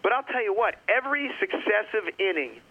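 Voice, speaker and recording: A man's voice: sits high, a little fast, gravelly. A man who teaches at a university, giving opinionated, rambling takes as a guest on a sports talk show. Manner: opinionated, animated, rambling with restarts. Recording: dull lo-fi radio sound.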